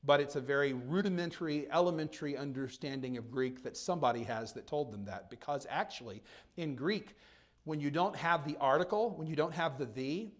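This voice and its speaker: A male pastor preaching a sermon, with talk that swings between soft and loud, reading old-fashioned scripture and turning to his congregation with conversational asides. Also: fairly high pitch.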